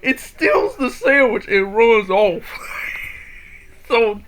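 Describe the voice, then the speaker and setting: A woman's voice: a little high, slow. A woman reading her own fan story aloud in a casual way, giggling and stopping to comment on the characters. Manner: giggly, animated, breaks off to comment and laugh.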